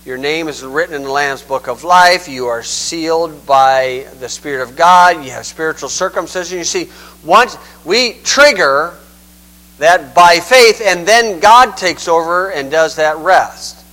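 A man's voice: fairly high pitch, measured pace, sharp tone, low-quality recording. A man giving a conversational Bible teaching, folksy and digressive, often saying "okay".

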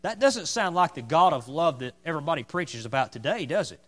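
A man's voice: a little high, lively intonation, a little fast. A man pastor preaching a sermon emphatically, repeating his points for stress.

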